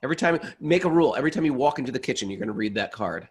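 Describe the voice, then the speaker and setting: A man's voice: mid-range voice, expressive, racing, husky. A man in casual discussion, playfully urging listeners to memorize a verse. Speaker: podcast co-host. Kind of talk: casual chat.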